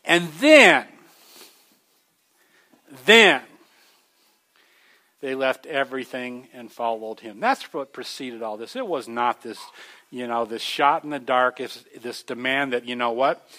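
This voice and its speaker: A man preaching a sermon in a conversational way, restarting phrases, rising to emphatic peaks and then dropping low. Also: animated, slow pace, long pauses, pushed and bright. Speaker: pastor.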